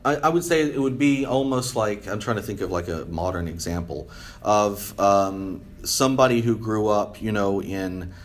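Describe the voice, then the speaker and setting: A man's voice: fairly low pitch, normal speed. A man giving a casual history lecture, rambling with many fillers and often asking "right?". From United States. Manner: rambling, many ums and restarts, asks "right?". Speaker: history teacher.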